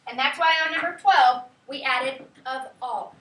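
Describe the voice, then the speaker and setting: A woman teacher giving a lively classroom lecture, quizzing her students and counting out rhythms aloud. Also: high voice, measured pace. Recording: echoey classroom from far off, faint hiss.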